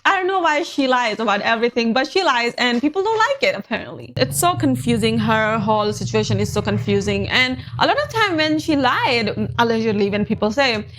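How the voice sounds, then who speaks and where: A woman's voice: fairly high pitch, animated, a little fast, hardly any pauses, a bit bright, slight background noise. A woman YouTuber giving casual commentary, rambling and hedging with lots of fillers. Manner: rambling, full of "like" and "in my opinion".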